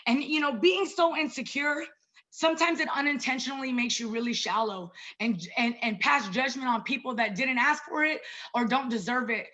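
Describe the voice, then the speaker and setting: A woman's voice: sits high, normal speed, bright, forceful tone. A woman in her thirties giving a casual, chatty online presentation as a wellness coach, talking personally to her listeners as "you guys.". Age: 30s. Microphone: video call.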